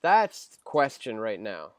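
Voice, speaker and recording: A man's voice: fairly low pitch, wildly swooping pitch, measured pace, smooth, no echo, clean studio sound. A young man hosting a casual live stream, reading viewer questions aloud and rambling through answers with lots of fillers and restarts. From Canada.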